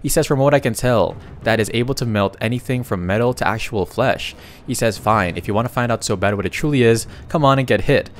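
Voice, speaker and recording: A man's voice: medium pitch, brisk, a little hiss or hum. A man narrating a comic story recap in a casual, slangy way, breaking off for joking asides to his viewers.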